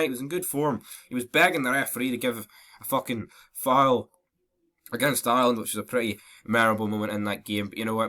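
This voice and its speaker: A man's voice: medium pitch, pushed and bright. Sweary Scottish guy with a sore throat. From Scotland. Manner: sweary, blunt, mocking. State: throat infection, stuffy nose. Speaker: football vlogger. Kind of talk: casual match review rant.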